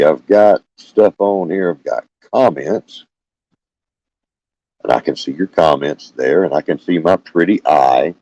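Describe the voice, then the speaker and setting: Slow, deep, scratchy older man. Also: a little mellow, no room sound, highs cut off. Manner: halting, folksy, many fillers and restarts. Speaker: homestead channel host. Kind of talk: casual live stream chat. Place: small room with fans running. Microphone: phone.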